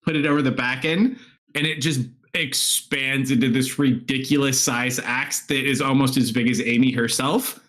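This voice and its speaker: Male game master, mid-pitched, easygoing, narrating with frequent laughs. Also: normal speed. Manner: relaxed, laughs often while narrating.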